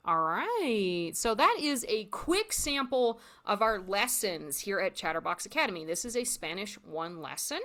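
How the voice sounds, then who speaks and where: A woman teaching a recorded Spanish lesson, encouraging learners and repeating phrases slowly. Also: mid-range voice, very animated, bright, forceful tone.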